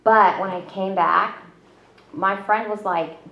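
A woman's voice: medium pitch, steady tone, moderate pace. Chatty woman telling her story. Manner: chatty, self-deprecating, many fillers. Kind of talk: casual personal storytelling. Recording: roomy, slightly dull audio.

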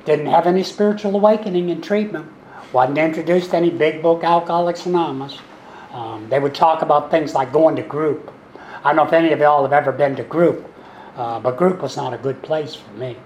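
A man in his seventies tells his story to a meeting in a folksy, repetitive way with a dry, sarcastic edge. His voice sits slightly high for a man. The room is echoey, with a faint hum behind him. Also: a little fast, darkish tone. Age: 70s. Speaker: speaker sharing recovery story. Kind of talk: recovery meeting talk.

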